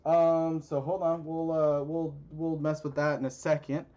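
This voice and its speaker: A man's voice: fairly high pitch, flat delivery, measured pace, warm tone, dull audio. A man rambling through a casual card-opening video with crude jokes and lots of fillers, recorded on a phone. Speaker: channel host.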